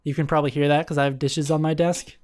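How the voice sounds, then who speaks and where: A woman's voice: low-pitched, fairly even intonation, fast, darkish tone. A woman reading a visual novel aloud and breaking off for playful, joking commentary. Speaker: let's play narrator. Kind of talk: casual game commentary.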